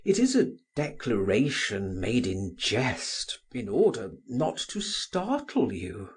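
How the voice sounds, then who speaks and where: A man's voice: fairly low pitch, wildly swooping pitch, takes it slowly, breathy edge, exaggerated voice. A male narrator voicing a scheming young man who pleads his love earnestly, in an audiobook reading.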